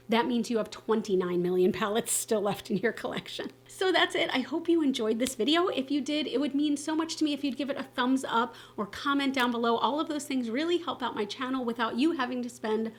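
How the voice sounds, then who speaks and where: A woman beauty vlogger chatting casually to camera, expressive and candid, with lots of fillers and self-corrections. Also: fairly high pitch, brisk, hardly any pauses. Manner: enthusiastic and candid, swearing casually. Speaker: beauty YouTuber. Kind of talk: casual vlog chat to camera.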